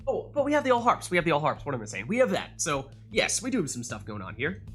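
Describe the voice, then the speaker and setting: Male livestream host, animated and slightly high, casual game casting with faint music underneath. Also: quick pace. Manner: upbeat, chatty, checks in with players. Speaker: stream host and caster.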